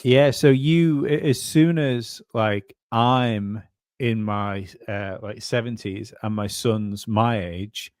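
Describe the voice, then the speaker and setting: A man with a lowish voice chatting on a podcast, relaxed and rambling and dropping the odd swear word. The sound is dry and close, with no trace of the room. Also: takes it slowly, smooth, no echo. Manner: laid-back, rambling, swears casually. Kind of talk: casual podcast conversation.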